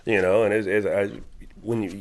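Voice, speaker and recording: A man's voice: on the low side, flat delivery, moderate pace, darkish tone. A man appearing as a guest on a podcast, chatting in an easygoing, agreeable way and often ending his lines with "man". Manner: easygoing, agreeable, frequent yeahs and mans. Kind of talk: casual podcast chat.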